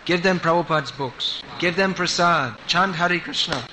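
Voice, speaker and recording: Male preacher, emphatic storytelling sermon, slightly high, bright tone. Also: moderate pace, a little hiss or hum, rough recording. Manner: emphatic storytelling, repeats for stress.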